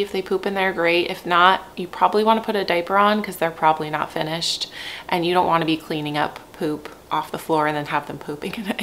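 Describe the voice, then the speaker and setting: Chatty young mom with gravelly fry. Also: female voice, fairly low pitch, fairly bright tone, slight background noise. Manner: chatty, frank and laughing often. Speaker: parenting vlogger, mother of three. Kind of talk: casual chat to camera. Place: at home.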